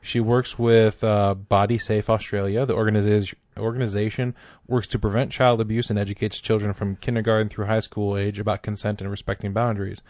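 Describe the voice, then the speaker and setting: A man co-hosting a comedy podcast, chatting casually with sarcastic, animated delivery. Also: on the low side, brisk, dry recording. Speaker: podcast co-host.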